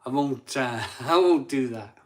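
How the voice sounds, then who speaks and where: A man's voice: medium pitch, measured pace. A man hosting a live stream, a bit drunk and tired, rambling and repeating himself as he reads out viewer messages. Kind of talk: casual live chat reading super chats.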